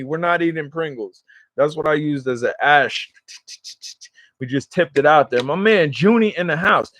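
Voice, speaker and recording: A man's voice: fairly high pitch, animated, moderate pace, fairly bright tone, no echo. Rambling slangy man with a New York accent. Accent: New York/New Jersey. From New York or New Jersey area. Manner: rambling, slangy, easily sidetracked. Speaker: smoking vlogger and livestream host. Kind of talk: casual livestream chat to viewers. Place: at home in a recliner.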